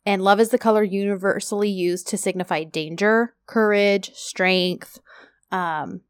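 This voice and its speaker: A woman's voice: mid-range voice, fairly even intonation, unhurried, clean tone, dry recording, studio quality. A woman co-hosting a podcast in casual chat, rambling and chatty with plenty of filler words. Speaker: podcast co-host.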